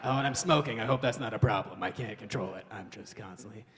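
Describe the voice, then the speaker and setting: A man's voice: fairly low pitch, quick pace, fairly bright tone, a little hiss or hum, voice pushed down, natural voice. A man doing a brassy worn-out Mother Earth. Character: worn-out single mother Earth, flirting on a date. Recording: live hall reverb.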